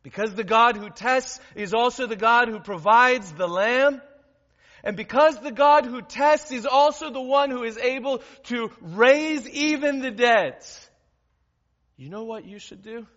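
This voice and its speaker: A man preaching a sermon as pastor, emphatic, with dramatic pauses and swings from loud to hushed. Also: extremely high pitch. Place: church hall with stage. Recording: dull recording in a reverberant hall.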